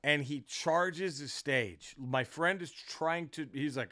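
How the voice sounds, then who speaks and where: A male comedian and podcast host telling an animated, profane story in casual chat. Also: fairly high pitch, slow pace, no echo, clean studio sound.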